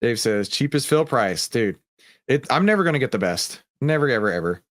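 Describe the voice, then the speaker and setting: A man's voice: mid-range voice, sing-song, fairly quick. Male stream host, casual and joking, talks to chat as he trades. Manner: chatty, jokey, talks to chat viewers. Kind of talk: casual live trading commentary.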